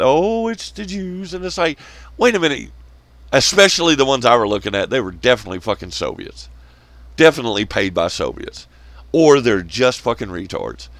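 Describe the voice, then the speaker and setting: A man's voice: mid-range voice, a bit bright, no echo. A man hosting his own channel, delivering a profane, sarcastic ranting monologue and mocking others in scornful quotes. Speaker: channel host.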